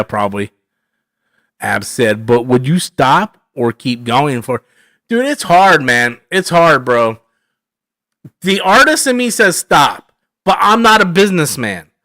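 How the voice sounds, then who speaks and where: Guy streaming live, rambly slangy chat, kinda high voice, dry close sound. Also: a bit bright, dry recording. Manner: rambling, slangy, peppered with "man" and "bro". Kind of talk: casual live stream commentary answering chat.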